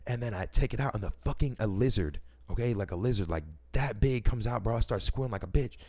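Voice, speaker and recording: Guy with a really low voice telling wild stories, lots of bro and cussing, rambles and restarts. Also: fast. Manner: excitable, swearing, slangy, many restarts and "bro". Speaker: vlogger telling personal stories. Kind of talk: casual rambling storytelling.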